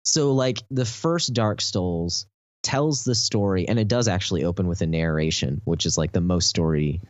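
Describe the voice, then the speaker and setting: A man with a Texan accent and a very low voice talks through a topic in loose, rambling podcast chat, full of fillers. The sound is dry and close, with a slightly dull, muffled tone. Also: normal speed, no echo. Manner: rambling, lots of fillers, enthusiastic explaining. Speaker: podcast host.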